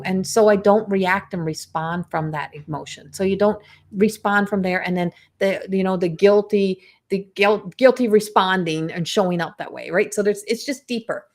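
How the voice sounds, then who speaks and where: Middle-aged woman, intuitive coach on a live stream, calm and unhurried, mid-range voice. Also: mid-range voice. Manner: slow, soothing, trailing restarts; animated storytelling with acted quotes. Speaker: intuitive guide and spiritual coach. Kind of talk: live channeled guidance.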